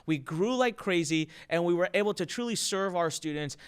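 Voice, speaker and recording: Energetic high-voiced man giving business advice. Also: normal speed, clean tone. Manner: emphatic and energetic, acts out quotes. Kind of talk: motivational talk.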